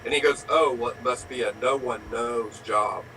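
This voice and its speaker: A man delivering short deadpan improv jokes, quiet and quick. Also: medium pitch. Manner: quiet, rapid punchlines. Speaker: improv performer. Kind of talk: quick deadpan joke telling. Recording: distant mic with faint noise.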